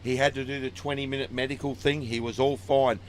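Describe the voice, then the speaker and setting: Chatty trackside co-commentator. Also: male voice, mid-range voice, level tone, brisk, slight background noise. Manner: chatty, rambling, many fillers. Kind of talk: casual trackside storytelling. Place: outdoors at a dirt kart track.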